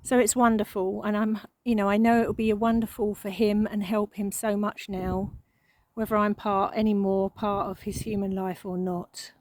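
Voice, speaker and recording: A woman giving an emotional spiritual monologue, halting and repeating words, with frequent sighs. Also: medium pitch, little pitch movement, a little mellow, no echo, poor audio. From England. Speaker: spiritual channel.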